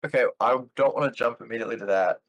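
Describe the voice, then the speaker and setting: A man playing in a tabletop game, deliberate and halting. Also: mid-range voice, gravelly, a bit bright, no room sound. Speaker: player. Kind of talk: tabletop role-play chat.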